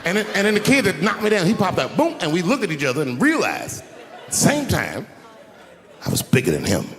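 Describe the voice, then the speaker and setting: A male stand-up comedian telling stories on a handheld mic, swinging into loud acted-out outbursts, live in a large arena with the audience laughing. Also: high-pitched, sing-song, a little fast, big-room sound. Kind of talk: stand-up routine. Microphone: handheld stage mic. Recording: live arena with roaring crowd.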